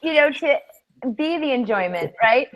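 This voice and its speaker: A woman from New York hosting an interview over a video call, asking questions in a thoughtful, halting way. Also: sits high, lively intonation, muffled recording. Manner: thoughtful, halting, searching for words. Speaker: host.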